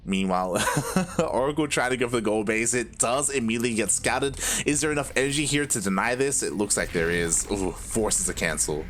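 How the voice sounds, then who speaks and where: A young man from Australia with a mixed Australian and Spanish-influenced accent, casting a game live on his own, excitable and quick to exclaim. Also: mid-range voice, slight background noise. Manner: excitable, exclaims often and laughs at chat. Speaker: esports caster. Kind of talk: solo live game commentary.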